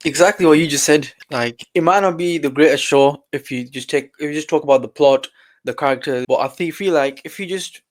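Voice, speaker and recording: Fast-talking enthusiastic young man. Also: a little high. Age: young adult. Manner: enthusiastic, says "bro" often. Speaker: podcast co-host. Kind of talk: casual chat.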